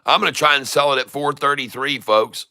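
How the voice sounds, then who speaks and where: A middle-aged man hosting a day-trading channel, giving excitable, exclamatory live trading commentary with mild cursing. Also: medium pitch, a little fast, smooth, dry recording.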